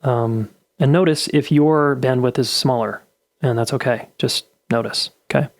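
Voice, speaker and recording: A man's voice: medium pitch, moderate pace, no room sound, clean studio sound. Easygoing male podcast host. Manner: easygoing, affirming, many "uh" fillers. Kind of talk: podcast interview and outro.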